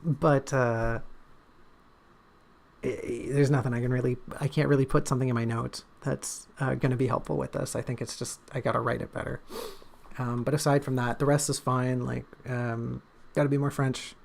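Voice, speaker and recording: A man's voice: medium pitch, flat delivery, moderate pace, vocal fry. A man, an author and streamer, chatting casually on a livestream in a rambling, joking, self-deprecating way.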